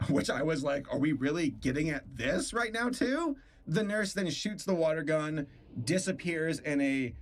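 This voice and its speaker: A man hosting a stream, reviewing a cartoon episode in casual, incredulous commentary, disgusted and laughing often. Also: on the high side.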